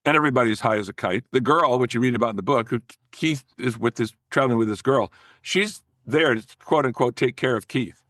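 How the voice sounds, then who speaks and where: An older man, a former record promoter, telling animated, profane stories as a podcast guest, often restarting his sentences. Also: medium pitch, brisk, no echo, clean studio sound. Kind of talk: casual storytelling in a podcast interview.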